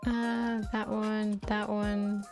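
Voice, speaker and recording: A woman's voice: medium pitch, little pitch movement, drawn-out words. A woman streamer chatting casually and rambling while she plays a video game, laughing often. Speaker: VTuber streamer. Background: faint game music.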